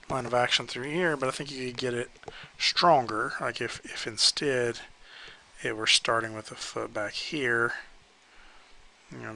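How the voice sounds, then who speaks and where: A man's voice: mid-range voice, vocal fry, low-quality recording. A man giving casual spoken feedback on pose drawings while sketching, hesitant and full of fillers. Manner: relaxed, hesitant, many ums and likes.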